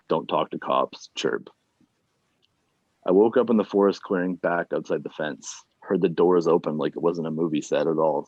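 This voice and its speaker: A man reading his own fiction aloud at an online reading series, plain and unhurried, with casual asides between chapters. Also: a bass voice, no room sound. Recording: dull, dry lo-fi sound.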